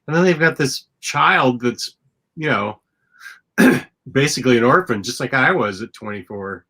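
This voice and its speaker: Man co-host, married, bright forward tone, halting and repetitive. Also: medium pitch, animated, husky. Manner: halting, repeats words and restarts. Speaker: podcast co-host. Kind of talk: casual chat.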